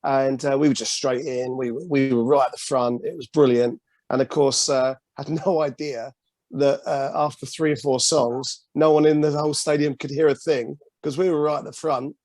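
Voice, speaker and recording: A man with a North London accent, a guest on a podcast video call, telling his story in a relaxed way. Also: mid-range voice, normal speed, no room sound. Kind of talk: casual video-call interview.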